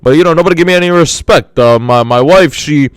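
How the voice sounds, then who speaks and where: A man's voice: on the high side, fast talker, clear, resonant tone, no room sound, pitched above the performer's own voice, close to an everyday voice. A man imitating a self-pitying male stand-up comic, complaining in a whiny joke-setup delivery. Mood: whining.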